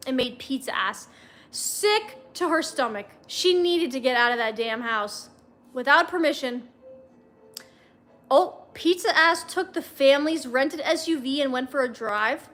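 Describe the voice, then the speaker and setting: Brief: young woman, high voice, casual livestream read-aloud with wry asides. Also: expressive, unhurried, fairly bright tone. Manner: chatty, wry comments between passages. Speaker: livestream host reading fanfiction.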